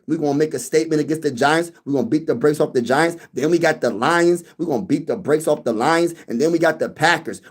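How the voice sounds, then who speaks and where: A man hosting a casual sports livestream, reading viewer comments and talking with boastful hype and lots of slang. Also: a little high. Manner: hyped and boastful, repeating phrases for emphasis; slangy street talk, calls listeners bro and baby. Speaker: sports channel host.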